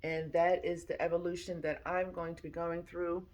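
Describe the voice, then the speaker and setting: A woman's voice: lowish voice, little pitch movement, moderate pace, darkish tone, muffled recording. A woman in her fifties, a military retiree, telling personal stories in a casual vlog, with slang and acted-out bits of dialogue. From Philadelphia, US. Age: 50s.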